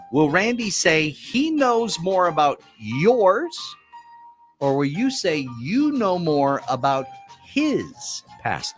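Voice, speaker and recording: Man, radio game host, playful teasing, very lively pitch, faint background music. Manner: playful, quizzing and joking. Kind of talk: radio game show hosting.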